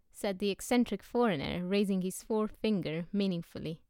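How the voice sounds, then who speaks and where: A woman narrating a novel as an audiobook, with steady, even storytelling. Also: medium pitch, fairly quick, few pauses, clear, resonant tone, dry recording, studio quality.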